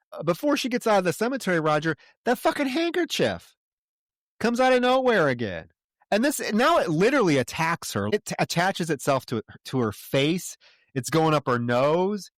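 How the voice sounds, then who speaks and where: A man co-hosting a podcast, retelling a movie in casual, profane, animated chat. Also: fairly high pitch, no room sound, studio quality. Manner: animated, profane storytelling with laughs. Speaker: podcast co-host. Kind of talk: casual chat recapping a film.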